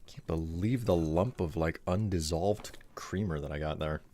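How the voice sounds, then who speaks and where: A man's voice: low voice, moderate pace, warm tone, a little hiss or hum. A man streaming live, chatting casually in a rambling, chuckling, self-deprecating way.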